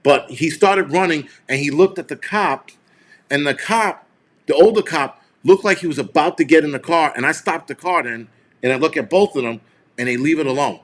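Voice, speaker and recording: A man's voice: fairly high pitch, normal speed, fairly bright tone. Heated, profane male storyteller. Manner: heated, profane, rambling retelling. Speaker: show host. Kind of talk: live-stream storytelling.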